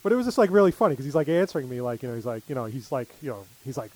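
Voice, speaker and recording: A man's voice: mid-range voice, very animated, very fast, darkish tone, dry recording, rough recording. A middle-aged man telling stories in casual chat, full of fillers. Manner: rambling storyteller, many fillers.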